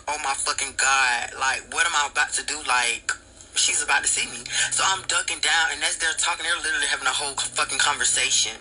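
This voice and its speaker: A man telling a story in a casual, profane and animated way, acting out the lines of the people in it. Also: on the high side, slight background noise, poor audio. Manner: profane, animated retelling with quoted dialogue.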